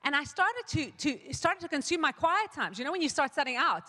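A woman pastor preaching in a church hall, her voice pitched a little high and bright, with a long echo trailing every phrase. She tells a personal story in a loose, chatty way, often restarting her sentences and quoting herself. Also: expressive, a little fast, hardly any pauses. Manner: storytelling with many restarts and quoted asides. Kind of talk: sermon.

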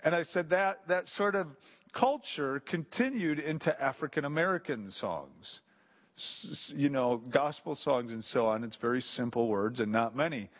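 A man's voice: medium pitch, normal speed. A man giving an informal sermon to a group, conversational and story-driven, with frequent restarts and asides. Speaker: pastor or Bible teacher.

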